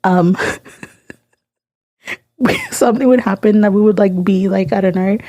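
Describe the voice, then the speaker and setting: A woman's voice: medium pitch, takes it slowly, warm tone, no echo. A young woman co-hosting a podcast in casual chat, playful and teasing. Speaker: podcast co-host.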